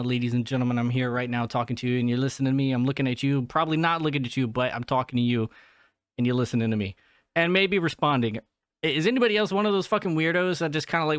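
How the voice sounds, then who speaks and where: A man's voice: on the high side, pushed and bright, dry recording, studio quality. A young man hosting his own podcast, ranting in a heated, profane way and tagging his points with "okay?". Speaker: podcast host. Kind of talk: solo podcast rant. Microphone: podcast mic.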